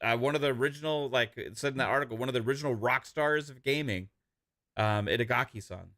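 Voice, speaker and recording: Bright-voiced man, halting podcast talk. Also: medium pitch. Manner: hesitant, many uhs and restarts. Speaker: podcast co-host. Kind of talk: casual gaming podcast chat.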